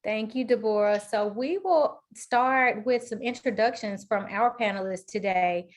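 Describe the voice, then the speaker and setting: A woman's voice: medium pitch, measured pace. A woman from Mississippi with a Southern accent, moderating a webinar panel in a friendly, conversational way.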